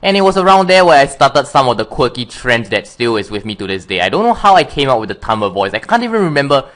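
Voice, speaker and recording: A man's voice: mid-range voice, very animated, fast, a bit bright. A man being interviewed as a guest, rambling and often correcting himself. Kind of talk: casual interview chat.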